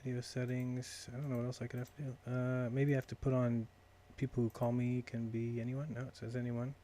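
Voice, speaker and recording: A man's voice: medium pitch, level tone, a little fast, background noise. Man muttering through a live call-in show. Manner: distracted, muttering while fiddling with call settings. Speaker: livestream host taking calls. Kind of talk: casual live-stream talk.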